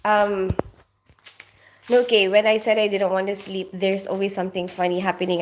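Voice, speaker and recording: A woman's voice: medium pitch, little pitch movement, moderate pace, slight background noise. A woman who grew up in the Philippines, casually chatting on a live stream, reading out comments and greeting viewers by name while laughing often. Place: home in North London.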